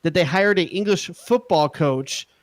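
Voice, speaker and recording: A man co-hosting a podcast, chatting casually with quick, playful ribbing. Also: high voice, no room sound. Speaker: podcast co-host. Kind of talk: casual chat.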